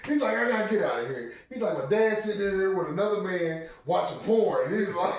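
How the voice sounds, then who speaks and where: Relaxed man recorded far off in an echoey room. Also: high-pitched, a little fast. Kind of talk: casual chat, storytelling. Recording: echoey room, distant mic, faint noise.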